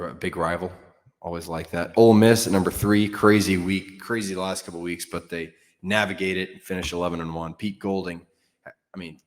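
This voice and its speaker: A man's voice: sits low, in a large hall. A man hosting a solo sports show, talking in a frank, offhand way with fillers and some mild cursing. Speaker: sports podcast host. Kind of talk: casual solo sports commentary.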